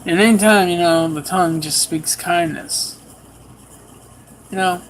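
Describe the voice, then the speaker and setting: A man preaching a sermon, telling a personal story with animated swings in pitch and pace. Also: measured pace, a little hiss or hum, low-quality recording.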